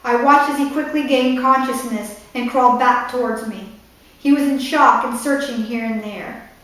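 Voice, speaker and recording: A woman reads her own novel aloud in a fairly high voice and pauses for asides that explain the story. The sound is very echoey, and it comes from a mic set well back. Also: steady tone, fairly bright tone. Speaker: author reading her novel. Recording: echoey room, distant mic.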